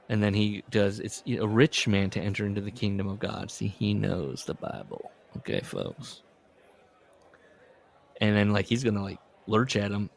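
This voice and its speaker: A man hosting a casual podcast book discussion, recapping and reading passages with lively put-on voices. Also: on the low side, creaky. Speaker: podcast host.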